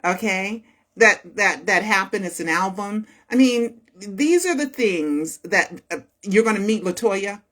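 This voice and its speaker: A woman's voice: mid-range voice, animated, measured pace, fairly bright tone. A woman talking casually to her viewers, chatty and emphatic, repeating herself for stress and laughing often. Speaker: online video host.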